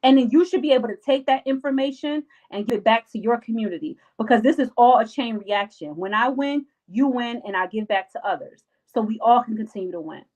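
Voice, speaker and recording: A young woman talks straight to her live viewers, handing out life advice in a casual, emphatic way. She leans on slang and repeats her points for weight, and her voice sits a little on the high side. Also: fairly quick, hardly any pauses, a little mellow, poor audio. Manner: emphatic, repetitive, slangy, acts out friends' lines. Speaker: live-stream host giving life advice.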